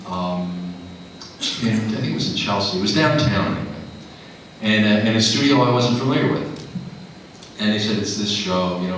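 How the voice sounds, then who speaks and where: A man answering fan questions at a convention panel, telling lively stories and acting out the voices of the people in them. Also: lowish voice. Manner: animated storyteller, acting out quoted voices. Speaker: voice actor, panel guest. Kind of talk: convention Q&A storytelling. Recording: echoey hall, far from mic, noisy.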